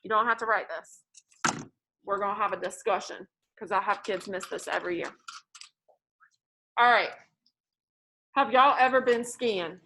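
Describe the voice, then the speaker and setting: A woman teaching a math class in a classroom, lively and joking as she tells stories to her students. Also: medium pitch, moderate pace, long pauses, a little hiss or hum.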